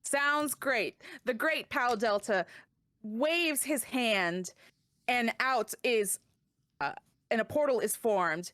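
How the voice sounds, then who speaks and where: A woman narrates an improvised fantasy story in an animated, excitable way, stumbling over her words now and then. Her voice sits a bit high. The mic is close and the sound is dry. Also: slow, no echo.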